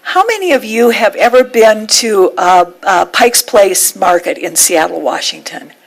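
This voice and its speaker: A woman minister giving a sermon, telling a heartfelt story with measured pauses. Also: medium pitch, expressive, gravelly, low-quality recording.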